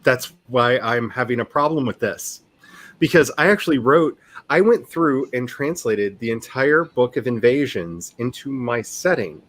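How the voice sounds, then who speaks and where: A woman with a Southern US accent, an author chatting casually on a writing livestream, animated and self-mocking. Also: very deep voice, measured pace.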